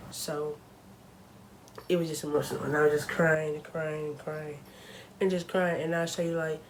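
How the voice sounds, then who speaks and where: A woman's voice: low voice, level tone, moderate pace, slight background noise, low-quality recording. A young woman talking casually to her camera at home, chatty and full of fillers, openly nervous. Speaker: vlogger.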